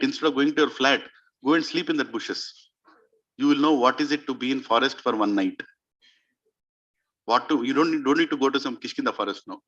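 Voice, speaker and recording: A man's voice: fairly high pitch, fairly bright tone, lo-fi sound. A man telling a devotional story as a sermon to an audience in a community clubhouse. He speaks emphatically and keeps putting questions to his listeners. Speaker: spiritual speaker.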